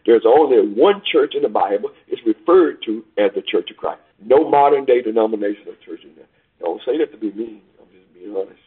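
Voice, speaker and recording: A man preaching a sermon, reading scripture aloud and explaining it with emphatic swells and hushed asides. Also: lowish voice, creaky, husky. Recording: tinny phone-like line.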